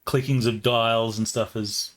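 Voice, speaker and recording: A man narrating a tabletop game as game master, in a relaxed way with many fillers. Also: mid-range voice, measured pace.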